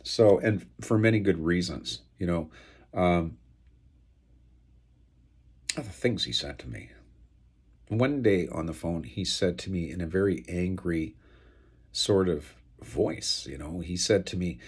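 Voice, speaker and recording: A man talking unscripted to the camera, aggrieved and angry, rambling with many fillers and getting louder when outraged. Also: sing-song, measured pace, long pauses, slightly rough. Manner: turns loud and high-pitched when outraged. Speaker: video blogger airing an estate dispute.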